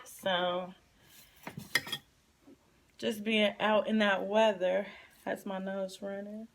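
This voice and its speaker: A woman's voice: medium pitch, gravelly, slight background noise. A woman, chatting casually in a pregnancy update and eating vlog, her nose stuffy and running. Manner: chatty and expressive, drawn-out repetitions. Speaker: vlogger.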